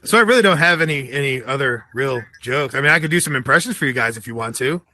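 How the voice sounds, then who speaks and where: A man's voice: medium pitch, expressive, pushed and bright. A man doing stand-up comedy and hosting acts, with self-mocking jokes in a virtual reality comedy club. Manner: self-mocking, slow joke delivery.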